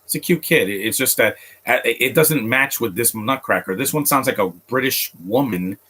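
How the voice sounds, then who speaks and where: A man's voice: medium pitch, brisk, few pauses, bright, forceful tone, breathy edge. A man streaming live and chatting casually to viewers while reacting to a film, rambling and often stumbling and restarting his sentences. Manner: chats directly to viewers.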